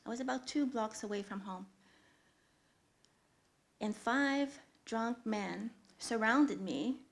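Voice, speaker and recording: Woman storyteller, live on stage, earnest with pauses and loud swells, slightly higher voice. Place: theatre stage.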